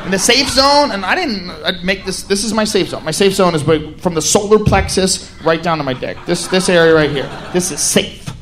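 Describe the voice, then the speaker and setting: A young man doing a stand-up comedy set on a stage, telling crude, profane stories in an animated way. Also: high voice, moderate pace, few pauses, slight background noise. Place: comedy stage before an audience. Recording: live stage with crowd laughter.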